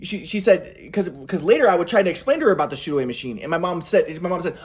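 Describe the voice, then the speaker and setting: A man's voice: sits high, expressive, quick pace, few pauses. A man telling a personal story in a rambling way, with many restarts, acting out what people said. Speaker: vlogger.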